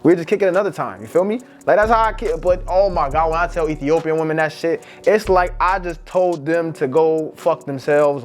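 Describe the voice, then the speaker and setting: A man with an American accent, telling a story in a casual, profane and animated vlog. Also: a little high. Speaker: vlogger.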